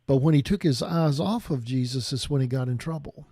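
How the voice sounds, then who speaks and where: A man's voice: mid-range voice, brisk, mellow, breathy edge, no room sound, clean studio sound. A man preaching a reflective sermon, thinking aloud with frequent restarts. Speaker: pastor.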